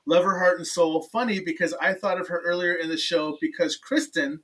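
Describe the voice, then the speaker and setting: A man hosting a talk show, telling animated stories that act out quoted dialogue, and laughing often. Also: high voice, a little fast, distant mic, poor audio. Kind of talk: casual interview chat.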